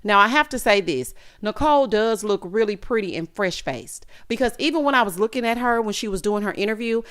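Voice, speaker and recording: Woman, thirties, sassy recap vlogger, lively pitch, honey-and-child chatter. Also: fairly quick, clear, resonant tone. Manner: sassy, animated, calls viewers honey and child. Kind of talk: casual recap commentary.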